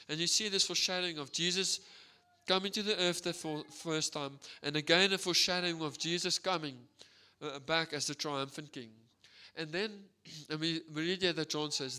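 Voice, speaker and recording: Animated South African preacher. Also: male voice, a little high, normal speed, clean tone. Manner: energetic, animated storytelling with frequent "right?". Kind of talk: sermon.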